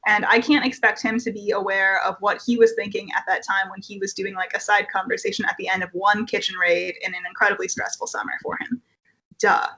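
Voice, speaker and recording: A young woman telling a personal story casually at home, animated and swearing, with plenty of fillers. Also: medium pitch, fairly quick.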